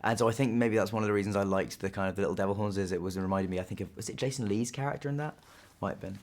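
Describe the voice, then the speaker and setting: Young man, low voice, rapid rambling interview chatter. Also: darkish tone. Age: 20s. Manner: rambling, many fillers and restarts. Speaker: actor being interviewed. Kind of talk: casual press interview.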